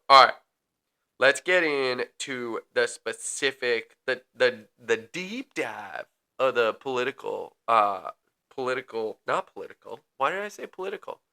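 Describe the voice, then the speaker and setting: Bright-voiced man reading ghost history. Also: medium pitch. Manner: relaxed, reads facts with filler ums, jokes between. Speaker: podcast co-host. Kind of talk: casual chat, reading history notes.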